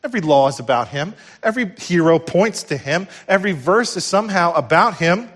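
A middle-aged male pastor delivering a sermon in a fairly high voice. His preaching climbs to loud, emphatic peaks, then drops to hushed, tender lows. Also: animated, brisk.

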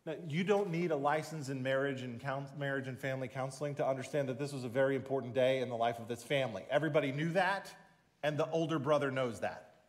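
A man's voice: medium pitch, fast talker. A man preaching a sermon, explaining a passage with emphatic, conversational storytelling.

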